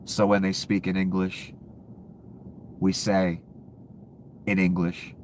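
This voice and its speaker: A man's voice: low voice, fairly even intonation, slow pace, long pauses, a little mellow, slight background noise. A man giving casual, profane political commentary, ranting and sarcastic, laughing at his own jokes.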